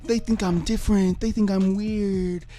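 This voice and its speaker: A man's voice: high voice, fairly even intonation, moderate pace, warm tone, faint music behind, pitched above the performer's own voice, close to an everyday voice. A man voicing the Frankenstein monster as a whiny, self-pitying outsider.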